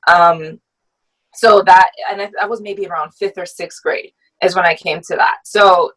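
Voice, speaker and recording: A young woman speaks as a podcast guest, her voice sitting on the low side. She tells her story reflectively, often pausing on hesitant ums. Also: fairly even intonation, low-quality recording. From United States. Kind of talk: personal storytelling in a podcast conversation.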